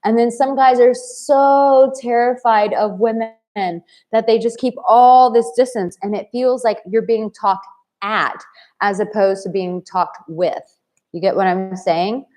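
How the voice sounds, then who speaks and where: Blunt, animated woman dating coach. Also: a little high, unhurried. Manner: animated and blunt, acts out quoted voices. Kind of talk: casual storytelling to camera.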